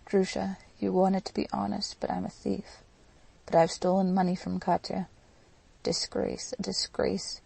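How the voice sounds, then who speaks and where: A woman voicing a hot-headed, drunken young man in an audiobook, loud and blustering. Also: mid-range voice, level tone, a little slow, gravelly. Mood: ashamed.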